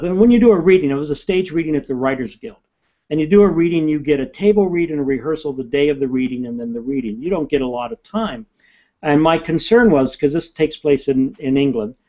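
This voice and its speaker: A man, an author, talking in a casual interview and telling stories in an animated way. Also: mid-range voice, highs cut off. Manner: animated, talkative storyteller.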